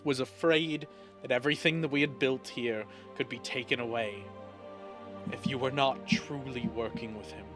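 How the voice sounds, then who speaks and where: A man voicing a proud, furious old father who runs his own establishment, booming threats at his son. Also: natural voice. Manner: booming, threatening, then contrite. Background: faint background music.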